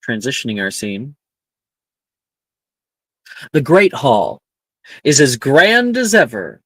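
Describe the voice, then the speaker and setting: Slow, measured man narrating a game. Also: medium pitch, a bit bright, no room sound. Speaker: game master.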